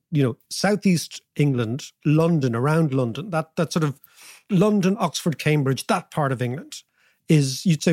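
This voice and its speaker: Man, podcast host, slightly high voice, rambling animated questions, dry recording. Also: no room sound. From Ireland.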